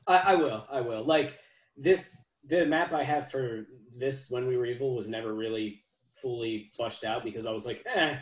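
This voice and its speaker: A game master in casual chat during a break, animated, cooing at a pet and swearing casually. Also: medium pitch, moderate pace, echoey room, rough recording.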